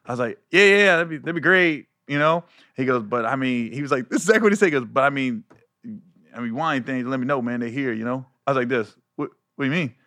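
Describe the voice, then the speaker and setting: A man's voice: mid-range voice, quick pace, no echo. A man, a comedian, chatting casually and acting out quotes from his own stories. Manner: animated, laughing, acts out quotes. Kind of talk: casual storytelling chat.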